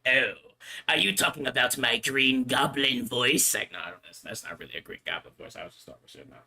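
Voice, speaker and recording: A man, a streamer, chatting casually on a livestream in an animated, mock-solemn lecturing way. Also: mid-range voice, a little fast, gravelly. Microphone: microphone.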